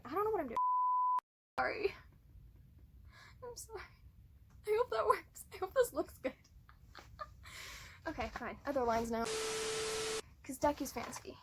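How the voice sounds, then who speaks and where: A woman's voice: high-pitched, very animated, normal speed, long pauses, noisy background. A woman doing flubbed takes of a cosplay skit, giggly and flustered as she restarts her lines.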